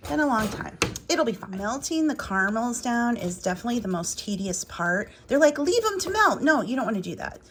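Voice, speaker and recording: A woman's voice: fairly high pitch, animated, a little fast, few pauses, a little hiss or hum. Chatty, rambling woman vlogger. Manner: rambling, chatty, thinking aloud. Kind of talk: casual home vlog chat. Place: home kitchen.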